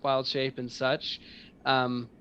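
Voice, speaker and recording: A man narrating as game master in a tabletop game, relaxed and laughing often, with many ums. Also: mid-range voice, takes it slowly, clean tone, muffled recording. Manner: relaxed, chuckling, filler-heavy.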